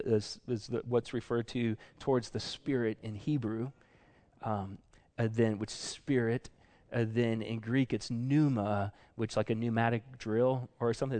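A man delivers a sermon in a loose, conversational way, circling back and correcting himself as he talks. His voice sits at an ordinary middle pitch, and he jumps up high when he acts out what other people say. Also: darkish tone. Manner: casual, chatty, full of fillers and self-corrections. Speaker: pastor.

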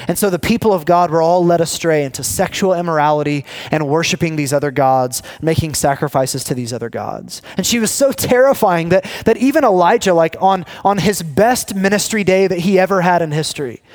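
A man preaching a sermon, telling the story with animated energy, restarting and repeating words, and dropping low and quiet when he reads scripture. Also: moderate pace, few pauses. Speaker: pastor teaching a sermon series.

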